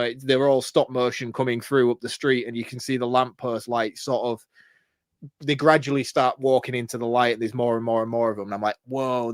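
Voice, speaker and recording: Animated, laughing male podcast co-host. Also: mid-range voice, no room sound, studio quality. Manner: laughs often, loose and animated. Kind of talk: casual chat.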